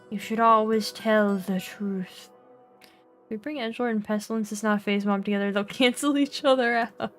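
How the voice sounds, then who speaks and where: A young woman streaming a game, chatting casually, giggling often and reading game text aloud. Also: medium pitch.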